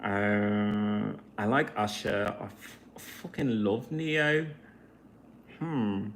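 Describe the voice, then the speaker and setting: Slow, rambling, profane vlogger. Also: low voice, steady tone, slight background noise. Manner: profane, meandering, self-questioning. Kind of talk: casual rambling monologue.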